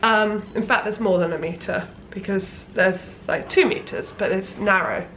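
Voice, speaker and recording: A woman's voice: medium pitch, fairly even intonation, moderate pace, a bit bright, a little hiss or hum. A young woman, a sewing vlogger, chatting casually at her parents' house with plenty of ums and restarts. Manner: chatty, rambling, lots of fillers. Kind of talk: casual chat.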